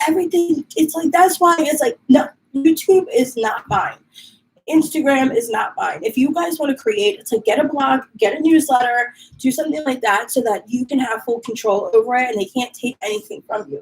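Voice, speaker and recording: Woman, live-stream host, high voice, vocal fry, chatty, rambling, stuffy with allergies. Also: a little mellow, rough recording. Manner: chatty, rambling, reads viewer comments aloud. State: allergies, runny nose. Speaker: livestream host. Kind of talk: casual live-stream chat. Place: her home.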